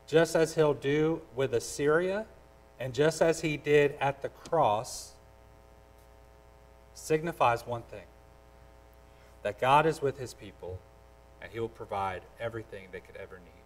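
A man's voice: fairly high pitch, rough recording. A man preaching a sermon as pastor, direct and earnest, with repeated phrases and voices acted out in a story. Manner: acts out voices in a told story.

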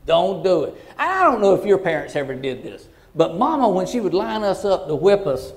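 A middle-aged man, a pastor telling a personal story in a sermon in a folksy, heartfelt way that swings from hushed to loud. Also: high-pitched, sing-song, fairly quick.

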